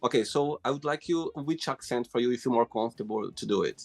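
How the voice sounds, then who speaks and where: Gravelly-voiced host with halting phrasing. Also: male voice, mid-range voice, soft background music. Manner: halting, repeats and rephrases, non-native grammar. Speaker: show host. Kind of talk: interview questions.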